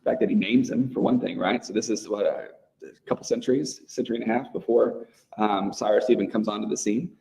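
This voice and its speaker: A man's voice: lowish voice, steady tone, fairly quick, vocal fry, mellow, rough recording. A man leading a small-group Bible study in a casual, conversational way, often checking in with his listeners. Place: church room with a men's group.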